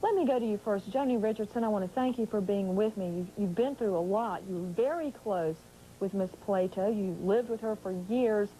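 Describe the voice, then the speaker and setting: Composed woman news anchor, mellow tone. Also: medium pitch, slight background noise, rough recording. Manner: measured, composed questioning. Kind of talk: news presenting and live interview.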